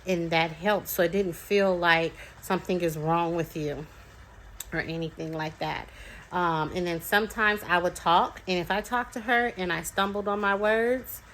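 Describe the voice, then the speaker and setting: A woman's voice: lowish voice, normal speed, fairly bright tone, a little hiss or hum, rough recording. A young woman talking as a parent, telling her story in a chatty, casual way, with many fillers and restarts. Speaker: parent sharing experience.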